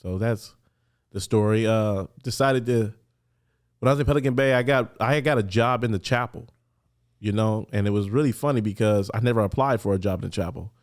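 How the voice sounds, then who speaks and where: This Los Angeles podcast guest has a lowish voice and a brisk delivery. Telling his story conversationally, he gets animated, acting out quoted voices and filling his speech with "like."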